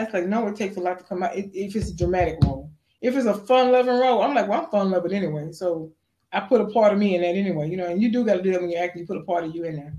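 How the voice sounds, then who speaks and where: An actress being interviewed, telling stories in a lively, animated way and acting out the voices of the people she quotes. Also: racing. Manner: acts out quotes with big pitch jumps. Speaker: actress guest. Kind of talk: animated storytelling.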